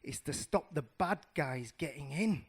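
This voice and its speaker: A man's voice: a little high, animated, a little slow, breathy edge, heavily acted. A man voicing a matter-of-fact male fox in a spoken storybook tale. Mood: knowing.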